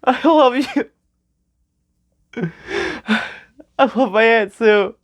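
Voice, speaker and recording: A young woman speaking slowly and tearfully in a personal memorial vlog, with soft nervous laughs. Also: on the high side. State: crying. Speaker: vlogger.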